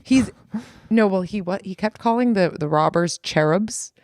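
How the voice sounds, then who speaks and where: A woman's voice: medium pitch, moderate pace, a little mellow, no echo, clean studio sound. A woman, a guest author, chatting casually on a podcast in a rambling way, laughing often and using lots of fillers. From United States.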